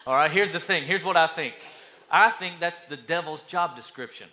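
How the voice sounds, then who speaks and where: A male pastor delivers a sermon with a high, ringing voice. He preaches with energy, repeating phrases and working stories into his message. The tone stays bright and forward throughout. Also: moderate pace. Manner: energetic preaching with repetitions and storytelling.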